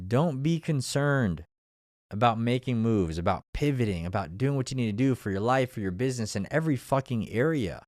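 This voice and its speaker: A man's voice: mid-range voice, big pitch swings, a little fast, a little mellow, no room sound, studio quality. A young man hosting a show, giving a blunt, profane motivational monologue full of pushy rhetorical questions. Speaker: show host.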